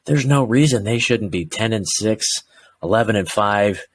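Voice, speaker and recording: Low-voiced man in casual sports talk. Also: normal speed, slightly rough. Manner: animated, acts out fans' rants in quoted voices. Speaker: podcast co-host.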